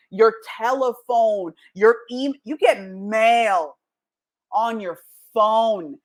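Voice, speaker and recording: Woman podcast host, higher-pitched, animated motivational talk that drops into little put-on voices. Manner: animated, jokey, acts out quoted voices.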